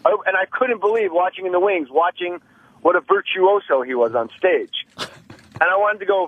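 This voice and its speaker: Guy on the phone riffing hard, cursing nonstop, doing everyone's lines, kinda high voice, super dry sound. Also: no room sound, narrow, tinny audio. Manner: profane, rapid, keeps acting out other people's lines. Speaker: phone-in comedian guest. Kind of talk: animated phone-in storytelling. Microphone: phone line.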